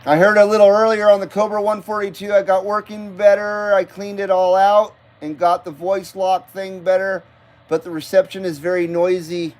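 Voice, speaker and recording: A man with a fairly high voice hosts a casual late-night live stream, rambling from topic to topic. His talk is loose and sprinkled with profanity. He keeps breaking off to greet his viewers by name. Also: little pitch movement, normal speed, a little mellow. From Nevada, US.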